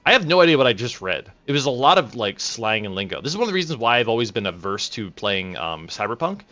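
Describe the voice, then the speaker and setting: A male game streamer gives casual live commentary, rambling, swearing and reacting excitably. His voice is bright and forward, and his pitch bounces around a lot from line to line. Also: quick pace, highs cut off, soft background music.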